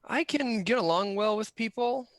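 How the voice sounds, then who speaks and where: A man's voice: high voice, moderate pace, no echo. A man playing a tabletop role-playing game in casual chat, joking playfully. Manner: playful, jokey, lively.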